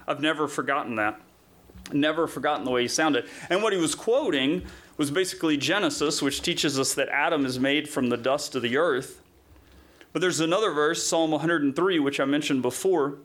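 A middle-aged male pastor whose voice sits a little high for a man. He tells a story in a relaxed, conversational way, then reads scripture slowly and with weight. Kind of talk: sermon.

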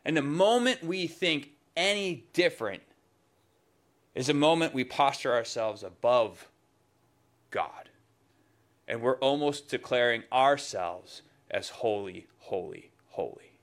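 A man preaching a sermon in a conversational, emphatic way, dropping suddenly to soft, low asides. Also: animated, slow, long pauses.

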